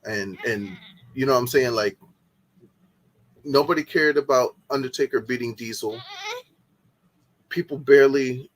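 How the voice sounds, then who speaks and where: Male co-host, mid-pitch, excitable, curses a lot, light background noise. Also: measured pace, long pauses. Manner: excitable, swears, repeats words when worked up. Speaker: podcast co-host. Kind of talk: casual wrestling chat.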